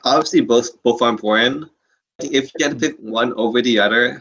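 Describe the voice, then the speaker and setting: A young man with a voice at an ordinary middle pitch, joining a casual chat over an online call. He talks haltingly and hesitantly, often in brief remarks. His delivery is unhurried and plain. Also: a bit bright, rough recording. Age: young adult.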